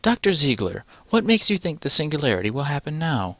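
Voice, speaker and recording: A man's voice: fairly high pitch, big pitch swings, brisk, a bit bright, no echo, voice pushed up, heavily acted. A man voicing a polite, inquisitive male podcast interviewer. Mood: curious.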